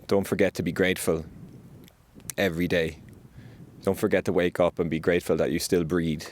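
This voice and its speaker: A man hosting a vlog, speaking gently and earnestly about gratitude and acceptance while out on a hike. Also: low-pitched, little pitch movement, slight background noise. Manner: gentle, earnest, spiritual, unhurried with pauses. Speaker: podcast host sharing his survival story. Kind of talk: reflective spoken vlog on a hike. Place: outdoors on a hillside.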